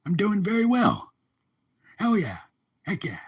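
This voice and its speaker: Male live streamer, casual chat, high voice, husky, rambling, repetitive. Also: huge pitch swings, measured pace. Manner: rambling, repetitive, upbeat filler exclamations.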